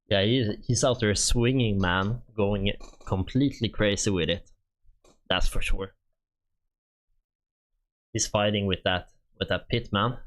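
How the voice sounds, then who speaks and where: A man with a Swedish accent talks through a game's units on a stream, his voice sitting a little low. He reads in a halting, casual way and fills the gaps with lots of "uh"s. He is a native Swedish speaker speaking English. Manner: halting, many "uh" fillers while reading out game info. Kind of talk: casual game stream talk.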